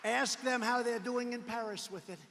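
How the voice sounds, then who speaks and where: Guy at a big rally, emphatic and repetitive, sharp bright voice, long arena echo. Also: very high voice, steady tone, normal speed, some chatter behind, a little hiss or hum. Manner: emphatic, repetitive, sarcastic asides. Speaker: politician addressing a rally. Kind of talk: political rally speech. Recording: long reverb from a large arena.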